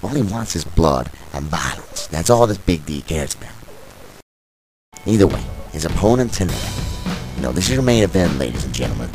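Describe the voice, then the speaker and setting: Very deep-voiced excitable male commentator. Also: normal speed. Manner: opinionated, excitable, biased toward one wrestler, mock-fearful outbursts. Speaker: wrestling commentator. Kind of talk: play-by-play commentary of a video game wrestling show. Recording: music playing behind.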